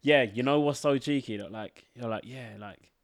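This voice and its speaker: A man's voice: mid-range voice, fairly quick. A young man hosting a podcast in casual chat, teasing his guest and laughing along. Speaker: podcast host.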